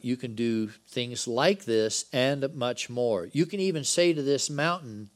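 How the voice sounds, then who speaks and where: A man delivering a Bible-study sermon, his voice sitting at an ordinary middle pitch. He explains scripture conversationally and breaks it up with joking asides. When he reads the dialogue aloud, he gives it lively emphasis. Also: unhurried, few pauses. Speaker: preacher.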